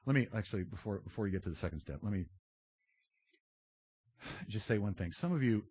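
A man preaching a sermon, animated and self-described loud, swinging from big outbursts to low confiding tones. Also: a little fast, slightly rough, dry recording, highs cut off. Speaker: pastor.

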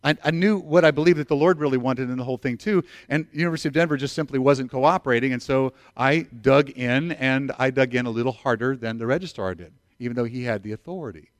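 A middle-aged pastor preaches a sermon, telling stories animatedly and acting out the quotes, often restarting and repeating words. His voice is medium-pitched and quick with hardly any pauses. The recording is studio quality with no room sound.

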